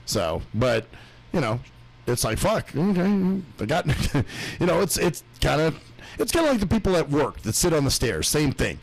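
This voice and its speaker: Gravelly, lively-voiced hesitant man. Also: on the high side, moderate pace, rough recording. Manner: hesitant, stammering restarts, swears. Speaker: guest recounting a run-in. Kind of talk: casual chat.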